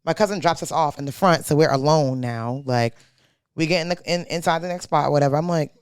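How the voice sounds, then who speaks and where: A woman's voice: low-pitched, fairly quick, clean tone, dry recording. A young woman co-hosting a podcast in a studio, telling a story in casual chat with lots of slang and swearing, acting out what people said. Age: young adult. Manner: slangy, profane, animated storyteller acting out quotes. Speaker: podcast co-host.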